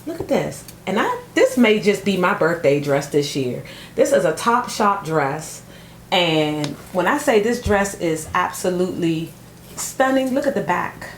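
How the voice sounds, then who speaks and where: A middle-aged woman chatting casually to camera about thrift finds, telling stories with animated energy and calling her viewers y'all. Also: lowish voice, unhurried. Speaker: thrift vlogger. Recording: echoey room with faint noise.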